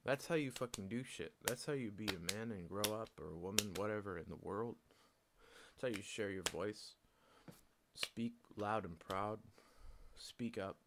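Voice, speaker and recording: A man's voice: lowish voice, normal speed, noisy background. A man streaming alone, ranting bluntly with lots of swearing and laughter, acting out both sides of conversations. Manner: blunt, swearing, laughs often, acts out exchanges. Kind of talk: casual ranting monologue.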